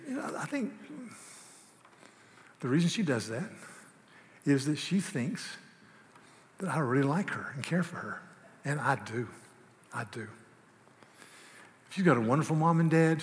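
A man preaching a sermon as pastor, swinging from hushed, tender asides to loud, emphatic declarations. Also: medium pitch. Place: church sanctuary. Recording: long hall reverb.

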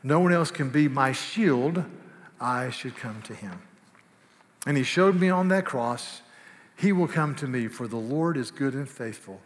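A man preaching a sermon as pastor, swinging from hushed, tender asides to loud, emphatic declarations. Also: medium pitch. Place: church sanctuary. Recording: long hall reverb.

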